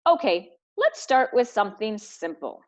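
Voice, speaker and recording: A woman doing a mellow surfer-dude tarantula. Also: a little high, big pitch swings, unhurried, voice pushed up. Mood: chill. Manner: drawling, easygoing slang. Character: laid-back male tarantula hacker, surfer-dude chill. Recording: dull lo-fi recording.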